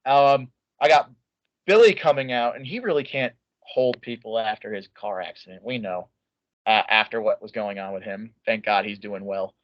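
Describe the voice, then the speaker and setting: A young man, an interview guest, telling a story in an excitable, animated way with lots of "like" and restarts. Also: on the low side, moderate pace. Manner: many filler likes and restarts. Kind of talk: casual storytelling. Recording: dull lo-fi dry sound.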